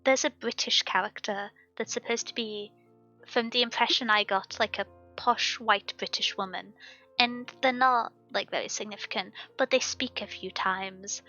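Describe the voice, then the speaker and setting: A woman's voice: medium pitch, steady tone, normal speed, bright, forceful tone, highs cut off, soft background music. A woman on a book club stream, chatting casually and rambling with many fillers and restarts. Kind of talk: casual chat.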